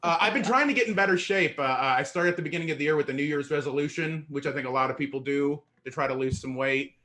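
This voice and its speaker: A man from Indiana delivers a stand-up set, slightly out of breath. His voice sits a little high and sounds bright and forward. He stumbles over fillers and laughs his way into self-deprecating punchlines. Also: quick pace. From Indiana, USA. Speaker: stand-up comedian. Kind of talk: stand-up set on an online show.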